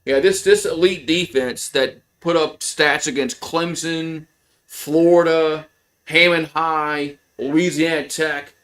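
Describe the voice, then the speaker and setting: A man calling a game live as a fan, his voice sitting a bit high for a man. He grumbles and rambles through profane asides, then shouts out the big plays. It's loose, heated fan commentary. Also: slow. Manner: excitable, swings from grumbling to shouting. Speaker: live play-by-play host.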